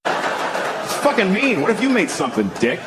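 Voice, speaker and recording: A sardonic man doing a stand-up set on a club stage, building to shouted rants, over a loud crowd. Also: high-pitched, huge pitch swings, normal speed, very noisy. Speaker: stand-up comedian.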